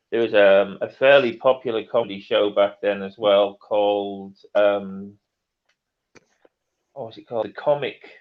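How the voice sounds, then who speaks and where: A British man in his forties hosting a casual live-stream chat, rambling and hesitant with lots of ums. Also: on the low side. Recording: muffled lo-fi audio.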